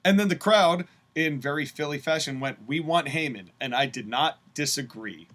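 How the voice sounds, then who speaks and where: A man co-hosting a casual podcast, opinionated and animated as he breaks things down. His voice sits a bit higher than most men's. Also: moderate pace. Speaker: podcast co-host. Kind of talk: casual chat.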